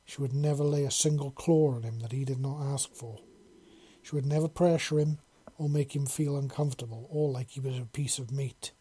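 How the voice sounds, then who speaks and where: A man narrating a storybook chapter in a calm, unhurried, even way. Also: medium pitch, breathy edge. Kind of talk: storybook reading.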